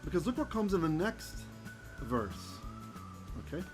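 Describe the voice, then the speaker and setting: A man teaching a Torah lesson as a rabbi, animated and often checking in with his listeners, sometimes chanting verses. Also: fairly high pitch, unhurried, over music, rough recording.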